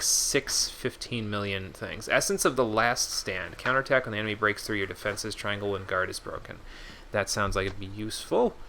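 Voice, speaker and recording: Guy streaming a game, bright edgy voice, reads the menus out loud and chats with chat, bit of hiss. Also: lowish voice, gravelly. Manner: reads game menus aloud, chatty asides to viewers. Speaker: gaming streamer. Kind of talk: casual let's-play commentary.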